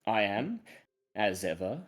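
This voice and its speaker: Man, game master, lowish voice, theatrical narration, playful. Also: very animated, takes it slowly. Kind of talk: dramatic tabletop game narration.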